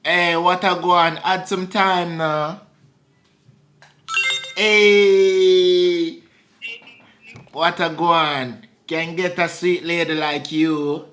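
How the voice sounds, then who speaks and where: A man putting on a slow, bright fake Jamaican patois. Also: fairly high pitch, steady tone, a little hiss or hum. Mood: playful. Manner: slow, loud, teasing street slang. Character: young man faking a Jamaican patois persona. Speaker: prankster vlogger. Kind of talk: video-chat prank. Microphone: phone on video call.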